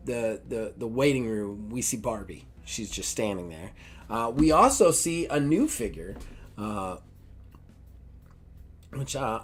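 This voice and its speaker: A man game master narrating a tabletop game in a rambling, filler-heavy way. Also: mid-range voice.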